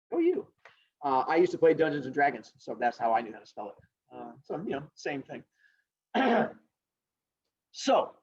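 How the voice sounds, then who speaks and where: A male teacher telling a fable to his class, rambling and joking in an animated way over a video call. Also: a little high, husky, highs cut off. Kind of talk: storytelling lesson.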